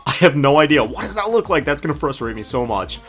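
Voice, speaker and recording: A man's voice: on the high side, big pitch swings, fast, a bit bright, faint music behind. A man casually commenting on a video game as he plays, chatty and joking. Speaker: let's play host. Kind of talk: gameplay commentary.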